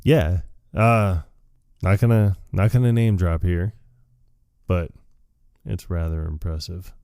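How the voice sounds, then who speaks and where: A man co-hosting a podcast, recapping a movie in casual chat, laughing often and acting out lines in lively voices. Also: deep voice, takes it slowly, dry recording, studio quality. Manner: laughs often, acts out quotes in animated voices. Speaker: podcast co-host.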